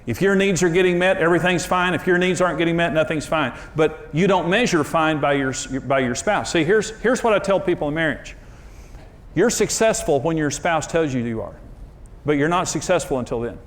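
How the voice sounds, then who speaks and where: Man, somewhat high voice, earnest preacher, emphatic storytelling, self-deprecating. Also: fairly quick. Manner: earnest, emphatic storytelling with sudden pitch jumps. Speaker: marriage teacher and TV host. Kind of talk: conversational sermon.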